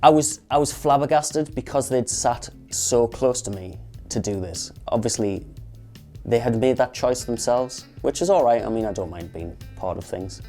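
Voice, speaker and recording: A man telling a comic anecdote to camera with deadpan, dry understatement. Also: mid-range voice, normal speed, soft background music. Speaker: film pundit.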